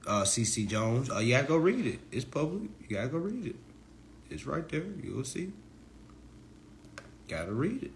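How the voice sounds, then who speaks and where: A man giving a casual live-stream lecture as an online teacher, talking in loose slang and often jumping into high, mocking voices. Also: sing-song, moderate pace, long pauses, a little hiss or hum. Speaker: online legal self-help teacher.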